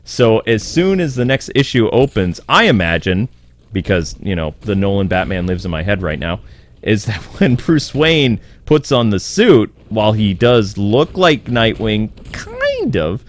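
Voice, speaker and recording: In a laid-back comic book commentary video, the male host riffs with sarcasm and exasperation, slipping into quick character voices. His delivery is animated, and his voice sits on the low side.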